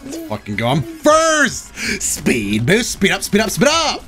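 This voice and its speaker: Excitable high-voiced male gamer. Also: measured pace, soft background music. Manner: loud, laughing, excitable callouts. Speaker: streamer. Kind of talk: casual gaming chat with friends.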